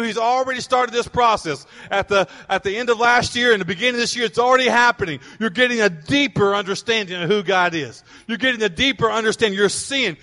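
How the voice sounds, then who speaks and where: High, bright-voiced preaching pastor. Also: male voice, fast, hardly any pauses. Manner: builds from calm reading to loud proclaiming. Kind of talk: sermon. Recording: long hall reverb.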